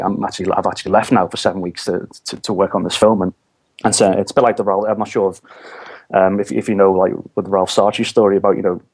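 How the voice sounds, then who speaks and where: A man, a film director guest, talking casually in an interview with lots of halting restarts. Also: fairly low pitch. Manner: halting, many repeated restarts.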